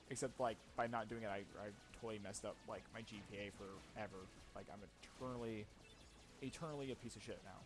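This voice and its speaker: A man's voice: lowish voice, steady tone, quick pace, over music. Rambling, profane young man. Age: young adult. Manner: rambling, profane, self-mocking. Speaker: let's play commentator. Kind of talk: casual gameplay commentary.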